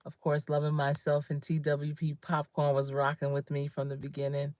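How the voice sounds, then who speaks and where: A woman's voice: low-pitched, completely flat delivery, moderate pace, darkish tone, no echo, clean studio sound. A woman in her fifties, a career coach, giving an emphatic, conversational motivational talk on a livestream and greeting viewers by name. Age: 50s.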